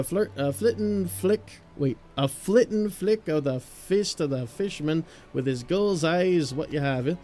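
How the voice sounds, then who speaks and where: A man's voice: sits high, a little mellow. A man voicing a sly old sea hand who talks in alliterative tongue-twisters, tripping over his words during a live-streamed game.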